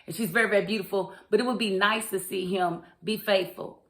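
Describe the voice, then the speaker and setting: Brief: young adult woman, casual opinionated TV recap, mid pitch. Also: fairly even intonation, a little fast, fairly bright tone. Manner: opinionated, talks straight to the characters. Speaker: TV show reviewer. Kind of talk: casual chat.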